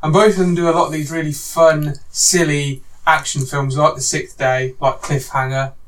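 A man hosting a casual film chat, talking emphatically with excited exclamations. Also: a little high, normal speed. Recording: voice distant from the mic.

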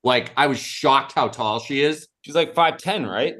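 A man's voice: medium pitch, measured pace, fairly bright tone. Male co-host, mid-range voice, rowdy anecdotes. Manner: boisterous storyteller. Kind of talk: casual chat.

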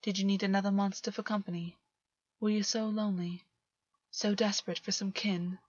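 Brooding male king, low and hushed, read by a woman narrator, dry lo-fi audiobook recording. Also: level tone, moderate pace, dry recording, natural voice. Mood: musing. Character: brooding fae king, man, soft and commanding. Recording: dull lo-fi, dry.

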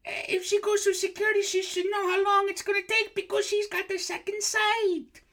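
A shrill, gushing old fortune-teller lady, put on by a man in a high falsetto. She is flamboyant and theatrical, fawning and carried away. It is a comedy podcast skit. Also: little pitch movement, normal speed, bright, forceful tone, full character voice. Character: flamboyant older female psychic from Eastern Europe.

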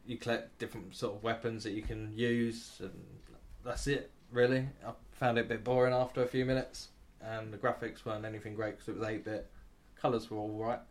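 A man, a podcast co-host in casual chat, crude and laughing often as he rambles. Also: fairly low pitch.

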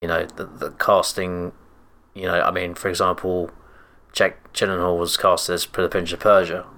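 Co-host, British man, deep voice, relaxed casual delivery. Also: moderate pace. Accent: British English. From Britain. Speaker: podcast co-host. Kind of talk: casual chat.

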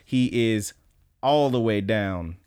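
A young man co-hosting a podcast, recapping an anime fight in a casual, animated play-by-play full of swearing. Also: on the low side, slow, smooth. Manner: animated, profane play-by-play storytelling. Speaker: podcast co-host.

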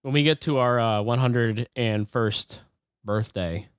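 A man co-hosting a podcast in casual chat, laid-back and quick to laugh. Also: medium pitch, clear, resonant tone, no room sound, studio quality. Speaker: podcast co-host.

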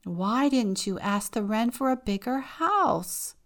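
A woman playing a nagging peasant mother, loud, slow, raised pitch, demanding. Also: expressive. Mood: scolding. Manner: scolding, demanding. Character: harsh, grasping peasant mother.

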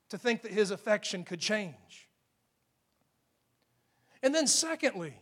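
High-voiced preacher, conversational and emphatic. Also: male voice, fairly bright tone. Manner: conversational, emphatic, asks the crowd questions. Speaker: pastor. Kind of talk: sermon. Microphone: microphone.

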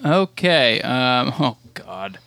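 A man's voice: medium pitch, very animated, drawn-out words, creaky, bright, forceful tone. A man co-hosting a podcast in casual chat, teasing and joking with his co-host.

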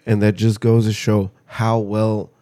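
A man's voice: lowish voice, monotone, a little slow. A man co-hosting a podcast, ranting in casual chat with heavy swearing. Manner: profane, ranting, bursts into mock yelling. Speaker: podcast co-host.

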